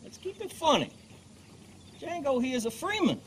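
An actor playing a smug, teasing male plantation owner in a film, with a smooth, mocking, theatrical manner. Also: very high-pitched, big pitch swings, moderate pace, slight background noise. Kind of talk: film drama.

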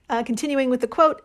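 A woman hosting a casual chat podcast, telling facts playfully and laughing often. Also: sits high. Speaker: podcast host.

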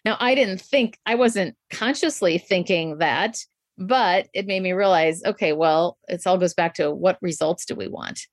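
A woman's voice: on the low side, normal speed, dry recording, studio quality. A middle-aged woman coach speaking in an interview, thoughtful and reflective, often breaking into laughter. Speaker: guest, communication coach. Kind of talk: conversational interview.

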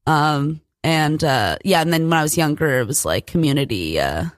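A woman's voice: low-pitched, expressive, normal speed, no echo, clean studio sound. A young woman chatting casually as a guest, with lots of fillers and frequent laughter. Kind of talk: casual chat.

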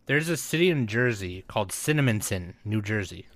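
A man's voice: fairly low pitch, animated, a little fast, a bit bright, dry recording. A man hosting a casual podcast chat, joking and bantering with his co-hosts. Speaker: podcast host.

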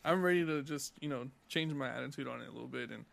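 A man's voice: mid-range voice, quick pace, vocal fry. A young man from California on a casual podcast, telling a profane, heated story about work. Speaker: podcast co-host.

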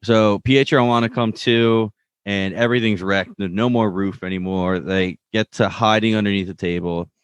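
A man's voice: lowish voice, steady tone, normal speed, clean tone, no room sound. A man co-hosting a casual podcast, chatty as he recaps a TV episode and acts out quoted lines. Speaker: podcast co-host.

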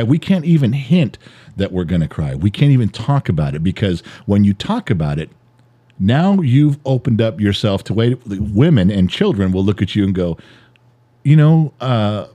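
A man's voice: lowish voice, big pitch swings, moderate pace, mellow. A middle-aged man, a podcast co-host and father, talking through a heated personal monologue in an emphatic, repetitive way and swearing now and then. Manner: emphatic, repetitive, swears, builds an extended metaphor.

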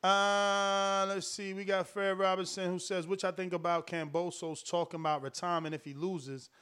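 A male host of a live boxing stream, reading viewer comments aloud in a relaxed way. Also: high voice, normal speed, clear, resonant tone.

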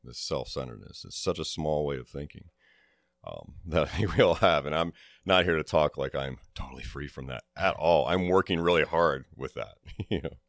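Very deep-voiced reflective man. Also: moderate pace, gravelly, dry recording, clean studio sound. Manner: reflective, questioning, speaks in rhetorical questions. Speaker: podcast guest. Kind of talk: casual chat.

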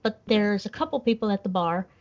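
A woman's voice: mid-range voice, fast, muffled recording. A woman from Minnesota, a podcast guest, telling stories in casual chat and acting out the people she quotes. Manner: animated, acts out quotes in other voices. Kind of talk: casual storytelling.

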